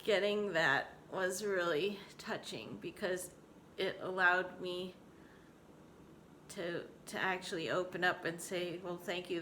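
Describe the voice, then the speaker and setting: A woman's voice: fairly low pitch, sharp tone, slight background noise. A woman in her forties talking candidly to her home vlog audience, open and emotional, often close to laughing. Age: 40s. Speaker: vlogger. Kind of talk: casual personal vlog talk.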